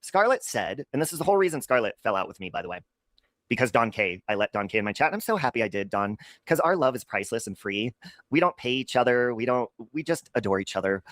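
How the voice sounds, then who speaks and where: Male stream host, gossipy and profane, lively pitch, dry close sound. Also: fast talker, no echo. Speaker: livestream host. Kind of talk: casual livestream chat.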